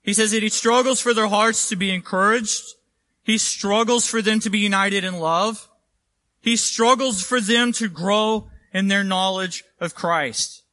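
A man's voice: high voice, fairly even intonation, unhurried, bright, forceful tone, no echo. A man preaching a sermon in a church, conversational and emphatic, often checking in with the congregation. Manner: conversational and emphatic, asks "right?".

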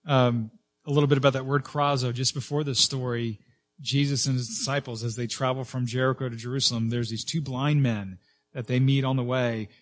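A man preaching a sermon as pastor, earnest, with frequent fillers and restarts, rising and slowing to stress key words. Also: mid-range voice, steady tone.

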